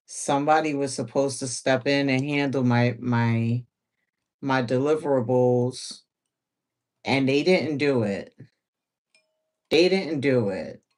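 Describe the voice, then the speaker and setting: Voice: medium pitch, slow, pauses often, darkish tone. A sewing livestream host chatting casually while working, laughing often and repeating phrases.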